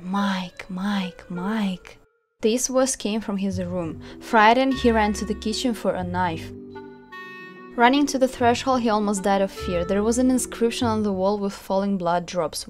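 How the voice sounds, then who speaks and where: Woman, channel host, storyteller, dramatic narration, fairly high voice. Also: darkish tone. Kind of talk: storytelling narration and puppet-show chat.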